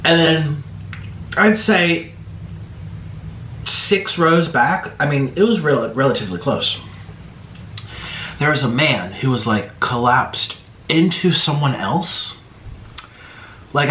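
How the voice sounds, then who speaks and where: A man hosting a mukbang, telling a rambling story casually while eating. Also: mid-range voice. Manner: chatty, rambling, animated. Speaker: mukbang host. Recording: roomy echo, faint background hiss.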